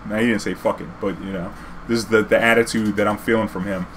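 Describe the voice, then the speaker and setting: A man telling a story casually, profane and animated, acting out a heated argument. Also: on the low side, quick pace, slight background noise.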